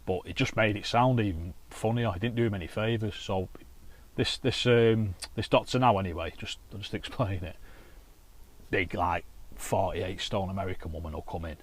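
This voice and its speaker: By the lakeside, a man who vlogs about carp angling tells chatty, sweary anecdotes to camera while he fishes. His voice sits low and moves at a moderate pace.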